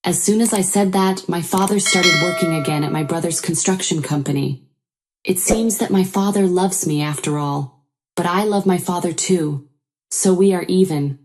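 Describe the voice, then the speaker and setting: Low, mellow woman narrating a story. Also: normal speed. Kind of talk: scripted first-person story narration.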